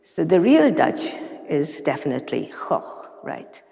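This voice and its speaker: A conference lecturer gives an academic talk in a large hall with long reverb, mixing dry humor and casual asides. Her voice is lowish and darkish, with vocal fry, a moderate pace, and a very animated delivery.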